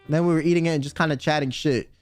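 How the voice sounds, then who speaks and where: A man's voice: fairly high pitch, fairly even intonation, very fast, faint music behind. A man streaming, telling a story in a rambling, slangy way and swearing freely. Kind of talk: casual chat storytelling.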